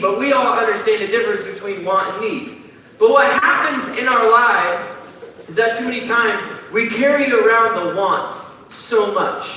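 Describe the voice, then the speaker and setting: A man in his thirties preaching a sermon as a pastor, telling stories in a lively, dramatic, conversational way. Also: high-pitched. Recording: echoey hall from far off.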